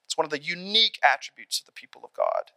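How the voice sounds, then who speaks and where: A young man delivers a lively, conversational sermon, slipping into small acted-out scenes as he goes. His voice sits a touch high and has a bright, forceful ring. The sound is close and dry, with almost no room around it. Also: fast, creaky, dry recording. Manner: animated, conversational preaching with acted-out asides. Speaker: pastor.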